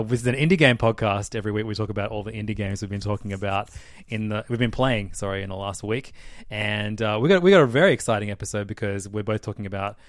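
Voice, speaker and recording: A man's voice: on the low side, dry recording, clean studio sound. A man hosting a casual podcast, joking around with loose fillers. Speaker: podcast host. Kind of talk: casual chat.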